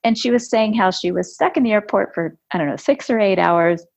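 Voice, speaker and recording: Woman podcast host, bit of vocal fry, talks through coaching stories, dull lo-fi sound. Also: medium pitch, fairly quick. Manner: storytelling, animated when recounting conversations. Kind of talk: conversational interview. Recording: dull lo-fi audio.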